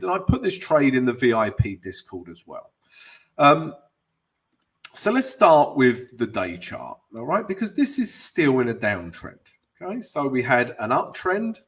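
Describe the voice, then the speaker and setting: A man with a cold hosting a live trading stream, chatty and upbeat, greeting viewers by name and adding self-mocking asides while walking through charts at his desk mic. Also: medium pitch. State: has a cold. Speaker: forex trading host. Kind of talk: livestream trading talk and chart walkthrough.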